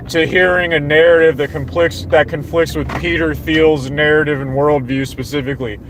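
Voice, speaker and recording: A young man with a Southern American accent holds forth in a long sarcastic rant to his livestream audience. His voice sits a bit high for a man, and he hammers the same mocking lines again and again. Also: fairly even intonation, moderate pace, few pauses, a little hiss or hum. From Southwest Florida, US. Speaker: livestream host. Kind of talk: ranting livestream monologue.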